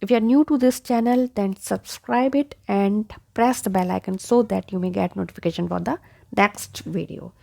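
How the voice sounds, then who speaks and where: A woman teaching English pronunciation, saying single words slowly and repeating each one carefully. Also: mid-range voice, gravelly, a little mellow. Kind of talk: pronunciation lesson.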